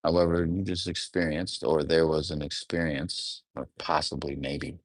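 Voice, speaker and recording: A man's voice: a bass voice, little pitch movement, normal speed, no echo. A man talking on his own without a script, musing aloud, often rephrasing and trailing off mid-thought, and asking the listener reflective questions. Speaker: astrologer. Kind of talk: unscripted solo monologue.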